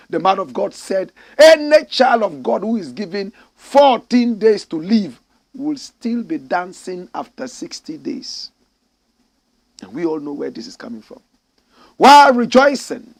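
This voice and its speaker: High, gravelly Ghanaian commentator. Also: male voice, dry recording. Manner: sarcastic, combative, reads news aloud. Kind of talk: opinionated news commentary.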